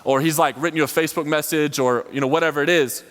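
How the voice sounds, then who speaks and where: A man's voice: on the high side, steady tone, fast talker, a bit bright. A young man giving a casual, rambling sermon, full of fillers, to a live audience. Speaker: college ministry speaker. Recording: long hall reverb.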